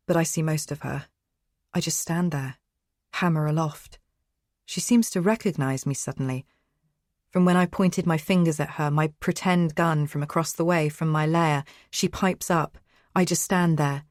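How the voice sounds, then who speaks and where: Low-voiced woman narrating. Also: no room sound, clean studio sound. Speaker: audiobook narrator. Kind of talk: first-person thriller narration.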